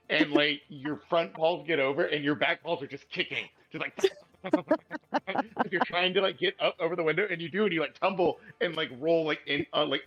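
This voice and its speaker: A man's voice: a little high, highs cut off. A man narrating as game master in a loose, rambling way, while losing his voice. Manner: loose, rambling with many fillers.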